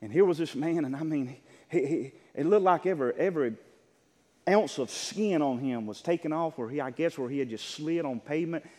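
A man's voice: a little high, brisk, darkish tone. An older man, a pastor, preaching a sermon to his congregation in an earnest storytelling way, often restarting his words. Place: church sanctuary. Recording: long hall reverb.

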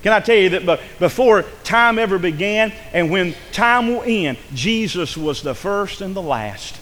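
A man's voice: sits high, animated, normal speed, few pauses, fairly bright tone. A male pastor preaching a fervent sermon in a church, swelling into impassioned calls to the congregation. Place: church sanctuary. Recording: reverberant church hall.

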